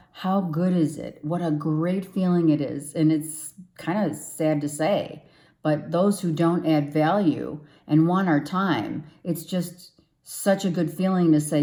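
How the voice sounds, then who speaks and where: A woman's voice: low voice, noisy background. A woman tarot reader giving an earnest, encouraging and emotional spiritual pep talk to the camera.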